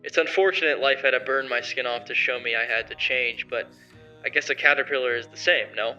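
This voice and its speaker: A man's voice: medium pitch, fairly even intonation, brisk, sharp tone, highs cut off, soft background music. A young man voicing an arrogant male motivational streamer who speaks in a sarcastic, defiant, confrontational way in an amateur story drama. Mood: reflective.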